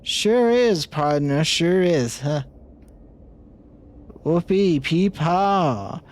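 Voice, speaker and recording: A man voicing an excitable, folksy old cowboy in a game, whooping and bragging in a drawl. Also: a little high, very slow, voice pushed up. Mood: boastful.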